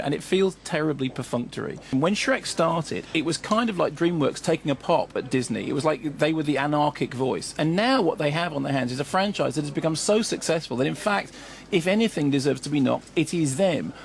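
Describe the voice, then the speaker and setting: Fast, gravelly film critic. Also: male voice, a little high, expressive, a little hiss or hum. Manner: fast, digressive and wry, with many asides. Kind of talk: radio film review.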